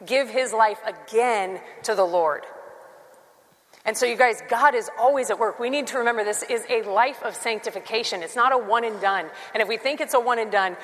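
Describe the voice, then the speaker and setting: A woman giving a sermon, telling personal stories in an animated way and acting out the dialogue with quick laughs. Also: a little high, in a large hall. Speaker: Christian speaker.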